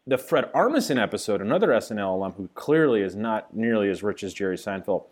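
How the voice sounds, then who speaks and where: A man hosts a casual podcast and asks his guest pointed questions. His pitch jumps up and down a lot as he talks, which gives his speech a lively, animated feel. He keeps the conversation moving. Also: quick pace.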